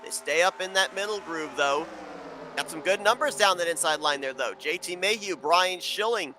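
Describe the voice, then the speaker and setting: A man giving play-by-play commentary on an online sim race, steady and informative, building excitement as the racing gets close. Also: high voice, moderate pace, noisy background.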